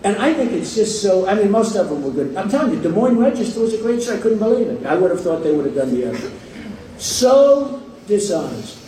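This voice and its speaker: A man with a high, mellow voice and big pitch swings speaks fairly quickly at a campaign rally in a large, crowded hall. As a political candidate, he brags and rambles, repeats himself, and throws sarcastic jabs at the press. The audio is distant and echoey, with crowd noise.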